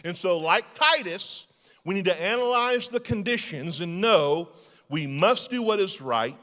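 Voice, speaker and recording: A male lead pastor preaching a sermon emphatically, moving between loud declarations and hushed passages. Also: sits high, animated, measured pace, long reverb tail. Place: church sanctuary.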